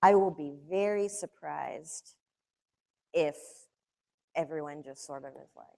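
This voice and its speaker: A woman's voice: sits low, takes it slowly, vocal fry, dark tone. A woman reporter gives a casual, anecdotal talk to students, chatty and loose, full of "like" and "you know". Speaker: magazine reporter speaking to students.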